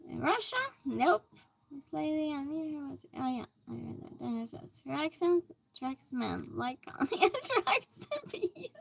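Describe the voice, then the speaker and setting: High-voiced, unhurried woman streamer. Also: sing-song, gravelly. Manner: chatty, reacting to chat comments aloud. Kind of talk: casual live-stream chat.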